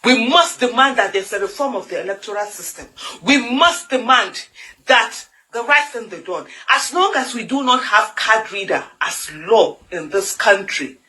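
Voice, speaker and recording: A woman's voice: on the high side, expressive, moderate pace, bright, forceful tone, a little hiss or hum, rough recording. A Nigerian woman with a Nigerian accent giving an impassioned political monologue, fiery and emphatic with lots of repetition. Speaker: political commentator.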